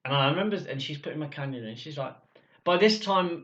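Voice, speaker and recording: A gruff, blunt man talks casually in an ordinary mid-range voice, swearing freely as he tells his story. The recording sounds dull and lo-fi. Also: mid-range voice, a little fast, fairly bright tone. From Cornwall, England. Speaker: vlogger.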